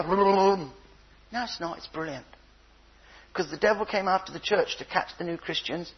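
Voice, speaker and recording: Older man preaching, high husky voice, animated storytelling, slightly dull recording. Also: normal speed. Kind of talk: sermon.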